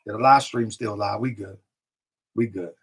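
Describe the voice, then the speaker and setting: A man's voice: on the low side, fairly even intonation, normal speed, fairly bright tone, slightly rough. A man hosting a live stream, chatting casually, reading out viewer comments and often repeating himself. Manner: talks to chat directly, repeats himself, drifts off mic.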